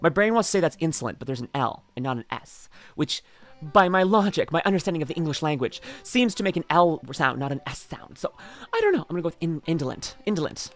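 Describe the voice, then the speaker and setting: A woman's voice: low-pitched, lively intonation, fast, soft background music. A woman streamer reading a game story aloud and commenting, giggly and rambling, often correcting herself.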